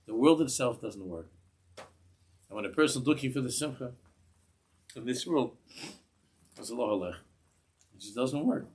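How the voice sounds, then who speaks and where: A man's voice: medium pitch, animated, moderate pace, pauses often, darkish tone, slight background noise. A man, a rabbi giving a class in a synagogue, earnest, restarting phrases and mixing in Hebrew terms. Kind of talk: sermon.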